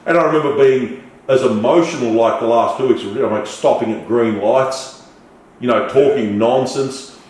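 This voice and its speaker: A middle-aged man telling lively stories as a podcast guest. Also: mid-range voice, normal speed, heavy reverb, far from the mic, rough recording. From Australia. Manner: animated, swearing, storytelling with acted quotes. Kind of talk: casual storytelling interview.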